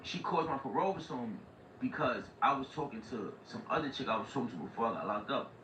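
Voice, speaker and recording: A man's voice: mid-range voice, lively intonation, fast, sharp tone. A man on a livestream telling a long story in casual street slang, full of "like" and "right?". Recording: far-off echoey lo-fi mic with noise.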